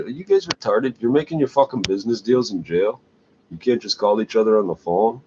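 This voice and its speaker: A man's voice: fairly low pitch, a little fast, a little mellow. Sardonic man ranting, lo-fi. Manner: crude, sardonic, scornful. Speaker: vlogger. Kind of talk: profane ranting monologue. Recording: dull lo-fi recording with faint hiss.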